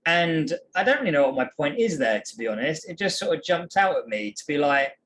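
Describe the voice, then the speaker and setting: A man's voice: fairly high pitch, big pitch swings, brisk, fairly bright tone, slight background noise. A British man co-hosting a casual Bible podcast, talking in a playful, easygoing way and reading verses aloud. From Britain. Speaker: podcast co-host, father. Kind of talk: casual chat about the Bible.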